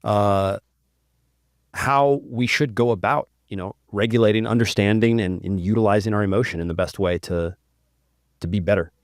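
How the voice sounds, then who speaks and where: A man hosting a podcast interview, asking long questions haltingly, with many restarts as he searches for his words. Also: fairly low pitch, no room sound, studio quality. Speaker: podcast host.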